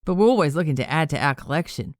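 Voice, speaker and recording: Smug boastful warlock guy, read by a woman, low voice, patronizing and casual, dry close audiobook sound. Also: expressive, fast, no room sound. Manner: patronizing, casual and self-satisfied. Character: smug boastful Australian male warlock leader. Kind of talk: audiobook character reading.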